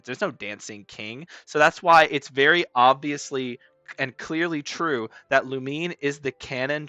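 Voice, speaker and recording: Bright-voiced joking male game streamer. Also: mid-range voice, dry recording. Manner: playful, rambling, swears, bursts into loud excited yelling. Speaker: gaming streamer. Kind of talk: casual live gameplay commentary.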